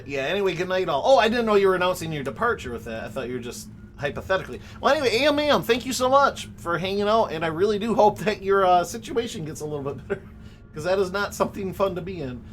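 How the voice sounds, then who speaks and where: A man's voice: sits high, a little hiss or hum. A young man livestreaming a game from his home office, ranting, swearing and laughing as he chats with viewers. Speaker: streamer. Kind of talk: casual gaming livestream chat.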